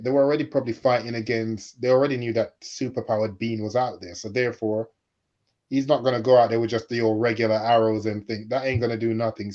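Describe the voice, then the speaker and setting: A man's voice: medium pitch, a little mellow. A man co-hosting a casual chat, explaining his points confidently in long runs. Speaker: podcast co-host. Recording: dull lo-fi mic.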